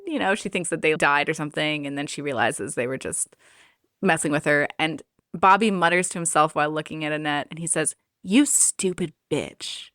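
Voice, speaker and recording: A woman's voice: low voice, brisk, no room sound, clean studio sound. A woman co-hosting a podcast, casually retelling film scenes and voicing the characters' lines. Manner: expressive, retells scenes with acted-out quotes. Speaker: podcast co-host.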